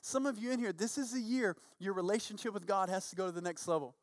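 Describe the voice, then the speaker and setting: Energetic male pastor preaching, dry sound. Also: high-pitched, fast talker, no echo. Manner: energetic preaching with rhetorical questions to the congregation. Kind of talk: sermon. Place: church sanctuary.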